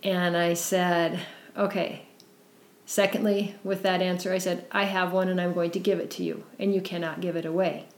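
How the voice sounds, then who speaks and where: A middle-aged woman telling her story in an interview, earnest and warm, with frequent fillers. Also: on the low side, little pitch movement, normal speed, roomy sound. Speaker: guest, founder of a service dog foundation.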